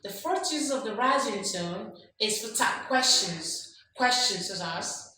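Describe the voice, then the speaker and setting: A woman's voice: medium pitch, expressive, a little slow, pushed and bright. A woman teaching an English lesson, emphatic, drilling examples aloud and quizzing her listeners. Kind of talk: classroom lesson. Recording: strong echo, faint background noise.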